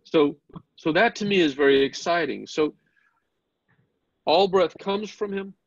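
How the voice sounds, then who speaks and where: A man teaching a Bible class in an earnest, excited lecture, putting questions to his students. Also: a little high, unhurried, dry recording. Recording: dull lo-fi class recording.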